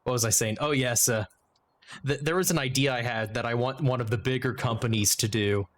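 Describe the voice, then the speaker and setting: A man's voice: mid-range voice, a little fast, slight background noise. Joking, rambling male streamer. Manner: rambling, joking, self-interrupting. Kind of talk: casual livestream chat while gaming.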